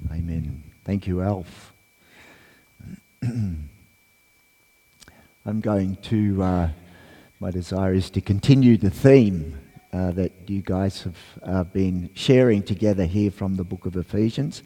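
A man with a croaky voice giving a sermon as a guest preacher, hesitant with fillers, then reading scripture and praying with fervour. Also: low voice, slow, pauses often. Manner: hesitant, many fillers, then rises into loud fervent reading. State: croaky voice from a cold. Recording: long church reverb.

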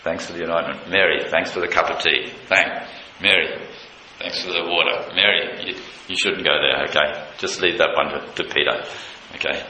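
A preacher doing a soft, gentle teacher. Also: male voice, steady tone, moderate pace, heavily acted. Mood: tender. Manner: soft, low and tender. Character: gentle, kindly male teacher speaking softly. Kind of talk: sermon. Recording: echoey room with faint noise.

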